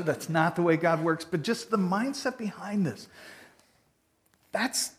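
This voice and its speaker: A man preaching a sermon in an earnest, conversational way, swinging from loud emphasis to quiet. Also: high-pitched, expressive, measured pace, pauses often. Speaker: pastor.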